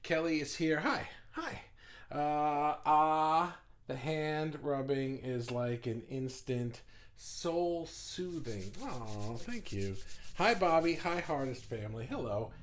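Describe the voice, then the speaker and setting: A man's voice: mid-range voice, measured pace, a little hiss or hum. A man hosting a live online group session, chatting casually with viewers, greeting them by name and rambling with jokes and the odd swear word. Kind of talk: casual livestream chat with viewers.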